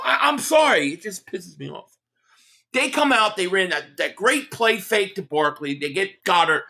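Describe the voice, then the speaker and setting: A man's voice: high-pitched, sharp tone. A man hosting a live sports reaction stream, ranting heatedly and with lots of profanity while reading out viewer chats.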